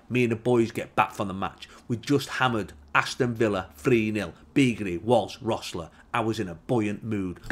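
Man, deadpan comic monologue, low voice, mock-solemn. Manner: dry, mock-solemn storytelling. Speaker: comedian.

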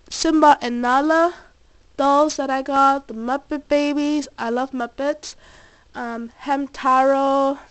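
Holding her camera as she moves around, a young woman gushes over her collection in a casual show-and-tell vlog from her bedroom, cheering a little and sounding a bit sick and winded. She has a high voice. The low-quality recording has a little hiss or hum.

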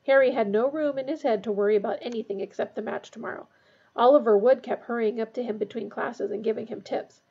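A woman reading a storybook aloud in a steady, expressive way. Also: a little high, fast, creaky, breathy edge. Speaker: reader. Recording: dull lo-fi recording.

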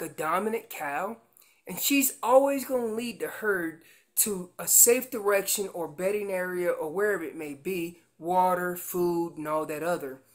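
Slow, animated man teaching elk calls. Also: sits high. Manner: earnest, repeats words while explaining. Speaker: elk calling instructor. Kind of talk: outdoor how-to teaching.

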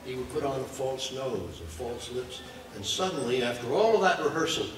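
A man's voice: medium pitch, animated. Older male actor, anecdotal panelist, faint background noise, distant mic. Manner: measured anecdotal storytelling. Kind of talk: convention panel storytelling. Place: large convention hall. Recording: echoey hall recording from far off.

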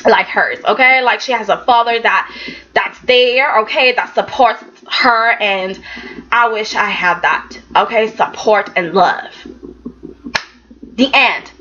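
A woman reviews a soap opera in a sassy, emphatic vlog style, often stopping with "okay?". Her voice is high and bright, and her pace is unhurried. The recording sounds dull and lo-fi. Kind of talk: casual vlog commentary.

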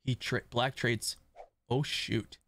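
A man streaming a strategy game live, swinging between excited shouts and quiet muttering, scolding his chat. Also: mid-range voice, takes it slowly, gravelly. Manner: swears mildly, talks to chat.

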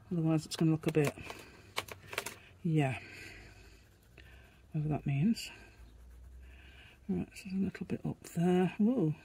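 A woman's voice: lowish voice, dark tone, slightly rough. A woman chatting casually as she demonstrates a craft, rambling as she works and making asides to her dog. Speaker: craft vlogger.

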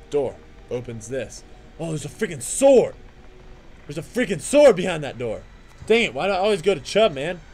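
Excitable young man trash-talking a game. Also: on the high side, a little hiss or hum. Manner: excitable, trash-talking, jokey asides, sing-song chanting. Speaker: gaming channel host. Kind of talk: let's play commentary.

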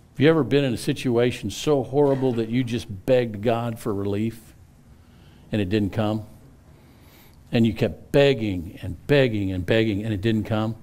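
A man's voice: medium pitch, a little mellow. A middle-aged male pastor preaching a sermon, earnest, often repeating words and rising for emphasis.

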